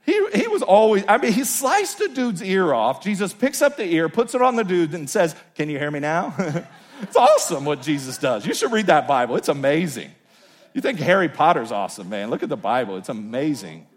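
High-voiced man preaching with jokes. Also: fairly quick. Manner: energetic, joking, with many repetitions. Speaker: pastor. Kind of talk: humorous sermon.

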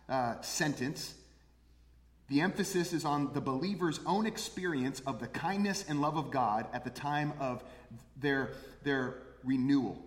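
A man preaching a sermon as pastor, earnest, repeating phrases for emphasis. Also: medium pitch. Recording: echoey hall with long reverb.

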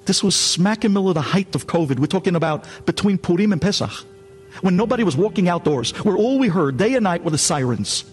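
A man, a rabbi, giving a sermon in an animated, dramatic storytelling way. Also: high voice, fast talker, faint music behind.

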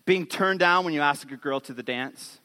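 A man in his thirties preaching a sermon on stage, telling a family story with lively acted-out quotes. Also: a little high, moderate pace, big-room sound. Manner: animated storytelling, acts out quotes. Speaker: pastor.

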